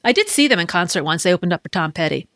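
A woman's voice: on the low side, very animated, rapid-fire, a bit bright, no echo, studio quality. A woman hosting a tech podcast in casual chat, upbeat and steering the talk to the next topic. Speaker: podcast host.

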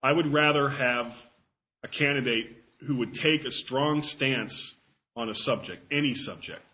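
Bright-voiced man chatting to an audience. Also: medium pitch, unhurried, poor audio. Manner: chatty, self-deprecating, repeats words while thinking. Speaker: presenter answering audience questions. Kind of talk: casual talk to a live audience. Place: talk before an audience.

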